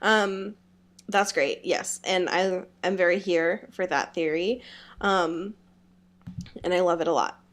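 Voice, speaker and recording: A woman's voice: on the low side, takes it slowly. A woman co-hosting a podcast, chatting casually about a book, giggling often and peppering her talk with "like". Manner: giggly, animated retelling with lots of "like". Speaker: podcast co-host. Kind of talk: casual book-club chat.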